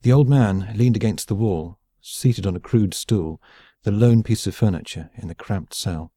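A male audiobook narrator with a very low, dark voice. He reads steadily and evenly, close to the mic in a dead-dry room. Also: moderate pace, slightly rough, no echo. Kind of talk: scripted narration.

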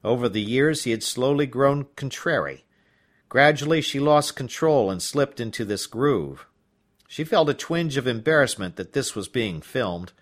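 This audiobook features a man reading a novel with expressive, storyteller flair. His pitch is medium and his pace is ordinary.

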